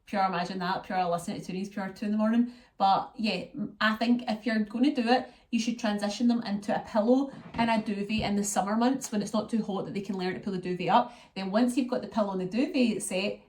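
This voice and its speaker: A young Scottish woman talking to camera in an easy, rambling vlog style. Her voice sits at a middle pitch, and her chat is full of local slang. Her stories run on from one thing to the next. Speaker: vlogger.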